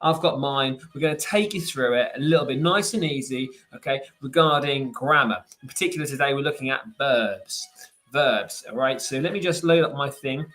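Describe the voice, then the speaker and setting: A man's voice: mid-range voice, normal speed, fairly bright tone. Upbeat man tutoring parents. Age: 40s. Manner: chatty, upbeat, full of fillers and restarts. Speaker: private tutor. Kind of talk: live online lesson for parents.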